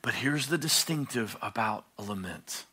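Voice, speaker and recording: A male pastor preaching a sermon, swinging from hushed low phrases to loud, high-pitched pleading. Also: expressive, moderate pace, breathy edge.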